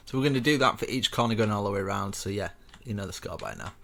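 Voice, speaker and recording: A man's voice: lowish voice, lively intonation, quick pace, creaky, fairly bright tone. A young man casually walking viewers through a building tutorial step by step, chatty and rambling with self-mocking asides.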